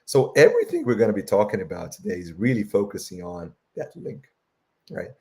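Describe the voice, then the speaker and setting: A man giving a lecture with slides, tagging "right?" onto almost every phrase, with a voice that is going and frequent throat-clearing. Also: fairly low pitch, big pitch swings, brisk, a little mellow. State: losing his voice, clears throat often.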